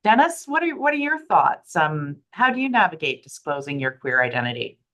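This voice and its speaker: A woman's voice: deep voice, very animated, a little fast, fairly bright tone, poor audio. A woman moderating a panel over a video call, affirming the speakers and hedging with many "um" and "you know".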